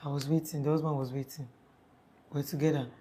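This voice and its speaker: A young woman recounting a harrowing night as a witness, her voice sitting a little low. She rambles, breaks off and restarts, and slips into the voices of the people she quotes. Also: little pitch movement, a little fast, warm tone. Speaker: witness telling her story. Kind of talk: emotional storytelling in an interview.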